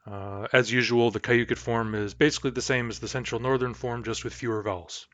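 A man teaching a language lesson to a class, patiently explaining grammar and repeating example phrases slowly. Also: mid-range voice, steady tone, a bit bright, dry recording.

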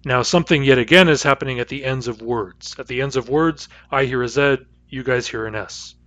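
A man's voice: medium pitch, fairly quick, fairly bright tone. A male lecturer with a West Coast North American accent, patiently explaining sounds and saying them aloud as examples. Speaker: linguistics lecturer. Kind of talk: recorded lecture. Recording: dull dry lecture recording.

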